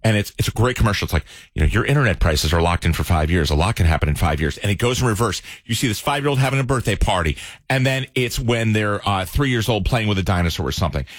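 A man's voice: lowish voice, lively intonation, fast, no echo, clean studio sound. A man in his twenties telling an emotional story in casual radio chat. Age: 20s. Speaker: radio show host.

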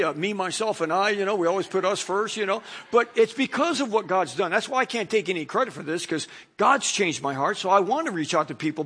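A man's voice: high-pitched, fairly bright tone, slightly rough. A middle-aged male pastor preaching a sermon in a casual, conversational way, full of "you know" asides.

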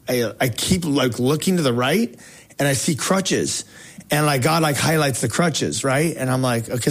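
A man hosting a faith talk show, telling a story in a casual, excited way with slang and frequent restarts. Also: mid-range voice. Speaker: talk show host and evangelist.

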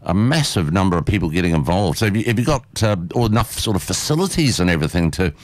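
A man's voice: low-pitched, lively intonation, fast, no echo. A man with an Australian accent hosting a community radio interview in an enthusiastic, chatty way.

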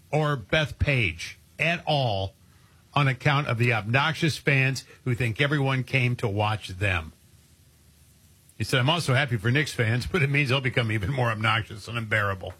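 A man's voice: mid-range voice, bright, forceful tone, husky. A man co-hosting a talk radio show, reading news stories and adding wry, sarcastic comments. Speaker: radio co-host.

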